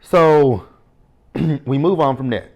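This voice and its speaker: A man's voice: medium pitch, slow pace, darkish tone, muffled recording. A man hosting a casual reality show recap, sassy and blunt, talking back to the cast and swearing freely. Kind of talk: casual commentary vlog.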